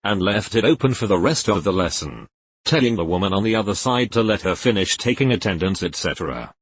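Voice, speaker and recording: A man narrating Reddit posts aloud in a lively, expressive read with jokey asides. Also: fairly low pitch, fairly quick, slight background noise.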